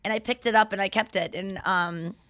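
A woman co-hosting a casual comedy podcast, telling profane, lively stories with acted-out quotes. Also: medium pitch, fairly quick, no echo, clean studio sound. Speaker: podcast co-host; stand-up comedian.

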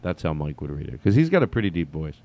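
A man's voice: a bass voice, sing-song, fast talker, dark tone. A man hosting a solo comedy podcast, talking casually and rambling with restarts and swearing.

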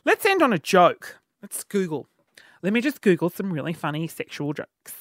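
A man's voice: sits high, sing-song, normal speed, fairly bright tone, no room sound, clean studio sound. A man hosting a solo podcast, telling a story in a cheeky, rambling way full of fillers and restarts. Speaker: podcast host.

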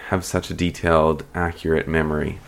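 A man co-hosting an interview, asking thoughtful, measured questions. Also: rumbling low, little pitch movement, vocal fry. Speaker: co-host.

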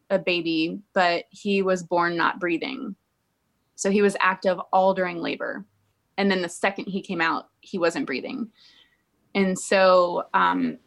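A woman's voice: on the low side, a bit bright. Candid woman telling her story. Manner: candid, conversational, many "like" fillers. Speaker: guest. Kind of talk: personal storytelling interview.

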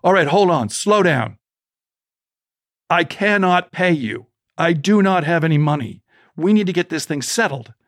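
A man's voice: high-pitched, big pitch swings, fast talker, few pauses, dry recording, clean studio sound, pitched above the performer's own voice. A man voicing a distrustful, anxious father in a retold story, raising his voice insistently. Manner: raised, insistent. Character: anxious, distrustful middle-aged father, broke.

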